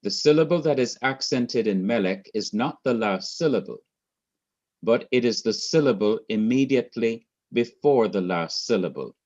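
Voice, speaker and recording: A man teaching a Hebrew grammar class, explaining slowly and carefully with much repetition. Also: medium pitch, expressive, a little mellow. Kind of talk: recorded class lecture. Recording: dull lo-fi class recording.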